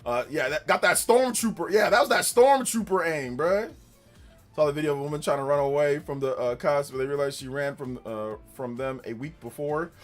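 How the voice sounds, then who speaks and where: A man hosting a gaming livestream in casual chat, telling stories with lots of laughter and loud acted-out quotes. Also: a little high, brisk, soft background music. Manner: animated storytelling, laughs often, acts out quotes loudly.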